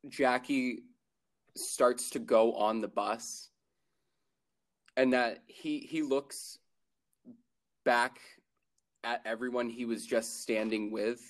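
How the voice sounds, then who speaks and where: A man's voice: mid-range voice, a bit bright. Young man, easygoing, laughing guest. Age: young adult. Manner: laughs often, halting and restarting while thinking. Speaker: podcast guest, college student. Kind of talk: casual chat.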